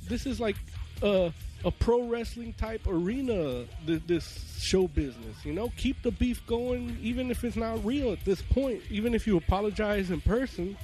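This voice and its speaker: A man's voice: high voice, lively intonation, normal speed, warm tone, faint music behind. A man hosting a heavy metal news segment, ranting crudely and mocking with constant swearing. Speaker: podcast segment host. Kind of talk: profane ranting commentary.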